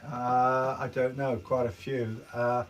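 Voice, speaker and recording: Man, casual livestream co-host, medium pitch. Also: flat delivery, slow, rough recording. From southern England. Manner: chatty, slips into accent impressions.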